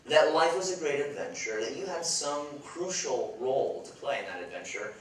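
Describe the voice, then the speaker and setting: A man's voice: a little high, normal speed, a little hiss or hum. Man telling a funny story in an echoey hall. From Chicago. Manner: lively, self-mocking, playful asides to the audience. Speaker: event speaker. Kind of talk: humorous storytelling talk. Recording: echoey hall, far from the mic.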